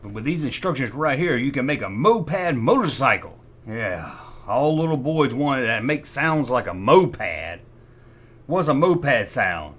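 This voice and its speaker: A man's voice: mid-range voice, very animated, measured pace, a bit bright, slightly rough. A middle-aged man hosting a comic toy review. He makes sarcastic asides and imitates sound effects with his mouth. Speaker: toy collector host.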